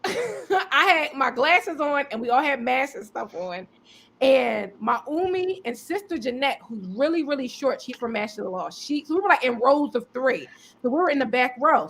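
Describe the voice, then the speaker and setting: This is a woman guest recounting a personal experience with lots of energy. Her voice sits high and leaps up and down as she acts out what others said. She laughs easily through the telling. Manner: expressive, acts out quoted voices, laughs often. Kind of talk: animated personal storytelling.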